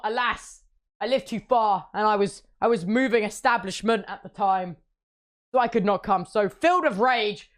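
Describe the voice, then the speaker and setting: Animated young man telling a story. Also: very high voice. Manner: playful, exaggerating, puts on silly voices for others. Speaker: streamer. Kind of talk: casual storytelling on stream.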